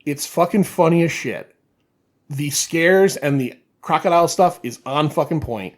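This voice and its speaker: A man's voice: a little high, expressive, unhurried. A man on a podcast as a guest, giving enthusiastic, profanity-laced movie opinions in casual chat.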